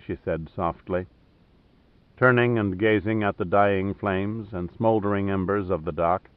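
A man narrating a novel in a measured, even reading. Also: sits low, dry recording. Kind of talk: scripted audiobook narration. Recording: narrow phone-like sound.

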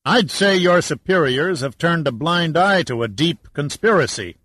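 A commanding old admiral, as a man acts him out, measured and pressing. The voice is close and dry, with no room around it. He delivers warnings in formal, unhurried sentences. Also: fairly high pitch, lively intonation, fairly bright tone, dry recording, pitched above the performer's own voice. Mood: stern.

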